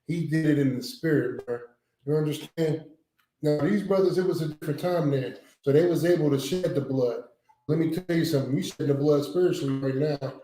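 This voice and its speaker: A man's voice: a little high, a little fast, mellow. A man with a Southern US accent leading a religious class discussion, emphatic and preachy, with casual slang. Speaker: class teacher. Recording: echoey room.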